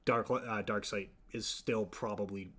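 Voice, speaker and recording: A man's voice: lowish voice, fairly even intonation, moderate pace, a bit bright. A man narrating a tabletop game as game master, hesitant and full of filler words.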